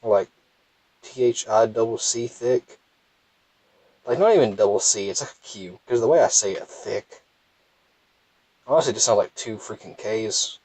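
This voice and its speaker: A man's voice: fairly low pitch, moderate pace, dark tone, breathy edge, no echo, low-quality recording. A young man with a thick Southern US accent, rambling and self-deprecating as he comments casually on his gameplay. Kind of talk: casual let's play commentary.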